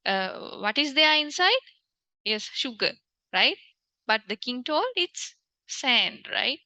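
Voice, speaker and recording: A woman's voice: fairly high pitch, pushed and bright, dry recording, poor audio. A woman from Sri Lanka teaching an online English lesson, patiently asking the class frequent questions as she goes through a story.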